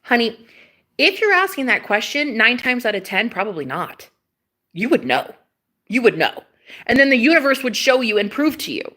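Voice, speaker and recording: A young woman coaching her viewers on twin flames in a casual vlog rant. She talks with sassy conviction and peppers her speech with profanity. Her loud laughs break up the lecture. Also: on the high side, sing-song, normal speed.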